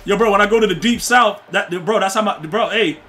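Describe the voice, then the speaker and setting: A man's voice: high voice, brisk, bright, forceful tone. A man streaming a football video game, chatting casually with his chat in heavy slang and trash-talking the players. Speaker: gaming streamer. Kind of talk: casual live-stream commentary.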